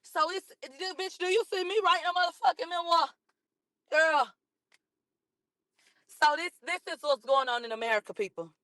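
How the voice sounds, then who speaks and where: A hoarse woman from a cold, ranting combatively and profanely at critics on a livestream, repeating herself. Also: very high voice, moderate pace, long pauses, pushed and bright, no room sound. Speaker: livestream host. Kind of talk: heated livestream rant.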